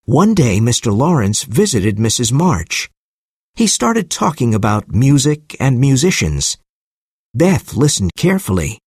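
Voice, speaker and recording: A man narrating a simple storybook in a clear, measured reading voice. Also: mid-range voice, very animated, a little mellow, no echo, studio quality.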